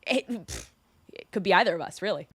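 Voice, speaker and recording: A woman's voice: lowish voice, fairly quick, slightly rough, dry recording, studio quality. A young woman from California hosting a daily news podcast, explaining the news in a chatty, joking way. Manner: chatty and joking, lively asides.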